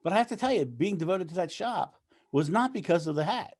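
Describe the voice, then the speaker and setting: A man's voice: high-pitched, animated, fairly quick, darkish tone, breathy edge. A man interviewing a guest in casual chat, laughing often and restarting his sentences.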